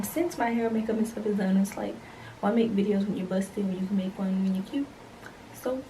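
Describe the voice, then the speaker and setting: A woman's voice: mid-range voice, creaky, recorded from a distance, noisy background. A young woman telling a rambling, slangy story to her camera at home at night. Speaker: vlogger. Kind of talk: casual story time.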